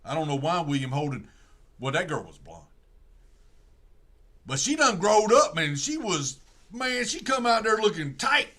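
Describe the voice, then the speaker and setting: A man's voice: fairly high pitch, very animated, measured pace, long pauses, sharp tone. A man, casually retelling a movie plot in a rambling, drawling way, full of restarts. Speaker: streamer.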